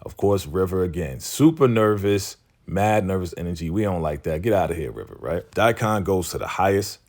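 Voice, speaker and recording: Deep-voiced man recapping a TV episode. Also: expressive, normal speed, a little mellow. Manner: loose, slangy, acting out characters' lines. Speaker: TV recap YouTuber.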